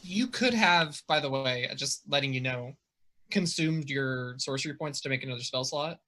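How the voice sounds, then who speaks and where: A man's voice: mid-range voice, moderate pace, pushed and bright. A man running a tabletop role-playing game as dungeon master, narrating the action playfully.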